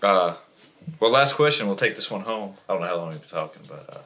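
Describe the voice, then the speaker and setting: A man's voice: sits low, animated, quick pace, a loud crowd. A man hosting a podcast in casual chat, steering the talk with questions. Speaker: podcast host.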